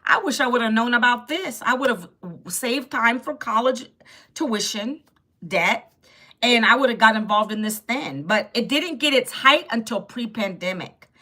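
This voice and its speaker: A woman's voice: a little high, moderate pace, sharp tone. A woman in her fifties hosting a casual live stream, chatting with viewers and answering their comments as they come in. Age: 50s. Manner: chatty, talks straight to viewers' comments, laughs often.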